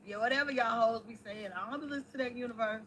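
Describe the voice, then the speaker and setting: Brash, high-voiced ranting woman. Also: racing, a little hiss or hum, low-quality recording. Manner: brash, loud and profane. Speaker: online creator. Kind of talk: ranting to camera.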